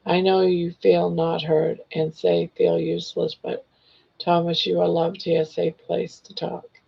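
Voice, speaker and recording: An older woman hosting a casual livestream chat, reading viewer comments in a gentle, reassuring way while hoarse from losing her voice. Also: lowish voice, monotone, a little slow. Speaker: livestream host. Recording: dull lo-fi livestream audio.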